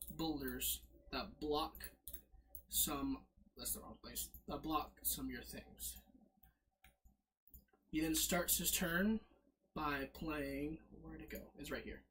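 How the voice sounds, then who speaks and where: A man's voice: on the high side, slow pace, pauses often. A man casually narrating as game master, fumbling with his setup and correcting himself as he goes. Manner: lively, fumbling with slides, self-correcting.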